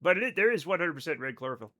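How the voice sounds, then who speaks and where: An excitable man with a high, bright voice chats casually with his stream viewers while he plays. He swears freely and keeps drifting into rambling asides. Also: very fast. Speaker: livestreamer playing a space game. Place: home at night.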